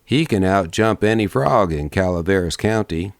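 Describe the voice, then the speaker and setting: A shrewd frontier gambler with an easy, careless drawl, read by a man in a storybook audiobook. The voice sits low and quiet, and the recording is dry and close. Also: animated, moderate pace, gravelly, dry recording. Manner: drawling, careless folksy speech. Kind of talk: audiobook character voice.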